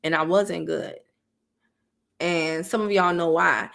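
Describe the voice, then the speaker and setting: A woman's voice: fairly low pitch, fairly even intonation, slow, creaky, fairly bright tone. A woman in her thirties hosting a casual livestream, talking candidly with viewers, reading their comments aloud and laughing often. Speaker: online business coach and livestream host.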